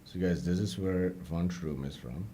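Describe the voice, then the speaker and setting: Low-voiced livestreamer joking around. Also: male voice, normal speed, dark tone, slight background noise. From Netherlands (Limburg). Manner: loose, joking, switches into Dutch and German. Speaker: livestream host. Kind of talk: casual livestream chat with viewers.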